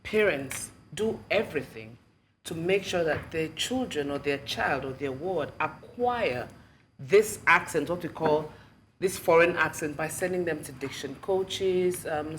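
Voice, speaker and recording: A woman with a Nigerian accent, a TV panel host, posing questions in an animated way. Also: low voice, a little hiss or hum. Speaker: show host. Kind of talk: panel discussion. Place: TV studio.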